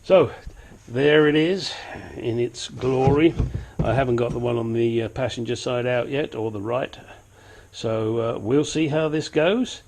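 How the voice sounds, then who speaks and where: In a measured, medium-pitched voice with a slightly mellow tone, an auto mechanic walks through a hands-on car repair, with a little hiss or hum present. He mutters and grunts as the parts resist him.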